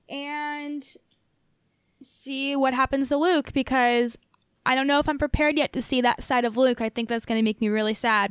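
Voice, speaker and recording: A woman's voice: a little high, fairly bright tone, clean tone, dry recording, studio quality. A woman co-hosting a podcast in casual chat, chatty and musing aloud with lots of fillers. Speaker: podcast co-host.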